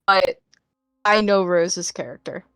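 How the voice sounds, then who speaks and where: A woman playing a tabletop role-play game, talking slowly and thoughtfully about her character. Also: fairly low pitch, a bit bright, smooth, faint music behind. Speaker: player.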